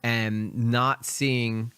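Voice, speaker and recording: A man's voice: medium pitch, little pitch movement, very slow, a bit bright, clean tone, no echo. A young man from Philadelphia with a light Philly accent, rambling casually through live reaction commentary. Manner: rambling, chatty, many fillers and asides. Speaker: streamer reacting to videos.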